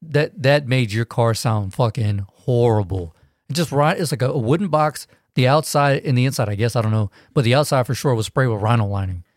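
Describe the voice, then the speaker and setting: Brief: man in casual podcast chat, mid pitch, rambling profane storyteller, dry close sound. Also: fairly quick, no room sound. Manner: rambling, profane, many restarts.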